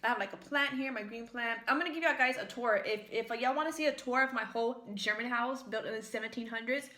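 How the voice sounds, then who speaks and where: In an echoey home kitchen, a young American woman vlogs a casual mukbang, eating while telling rambling stories loaded with fillers. She talks fast in a high, sharp-toned voice.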